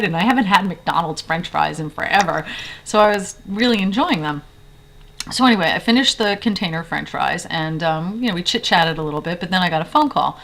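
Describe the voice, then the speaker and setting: A woman's voice: on the low side, a bit bright. Rambling New woman vlogging from her bedroom. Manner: rambling, lots of fillers and self-corrections. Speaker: video blogger. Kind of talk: casual storytelling to camera. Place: bedroom in an old house.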